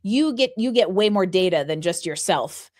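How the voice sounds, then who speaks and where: A woman's voice: on the low side, lively intonation, moderate pace, darkish tone. A woman hosting a podcast, asking curious questions in an upbeat, playful way. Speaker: podcast host. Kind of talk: conversational interview.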